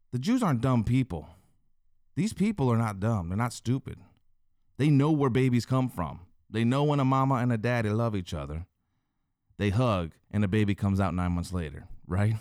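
Excitable slangy man unpacking scripture. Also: fairly low pitch, dry recording, clean studio sound. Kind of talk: casual Bible commentary.

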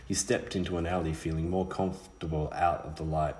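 A man reading a novel aloud in a measured, steady way, with small slips. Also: low-pitched, reverberant. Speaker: narrator. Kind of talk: audiobook reading.

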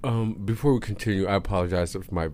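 A man with a raspy, hoarse voice from a cold, co-hosting a casual podcast chat, jokey and animated. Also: fairly low pitch, quick pace. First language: English not first language. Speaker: podcast co-host.

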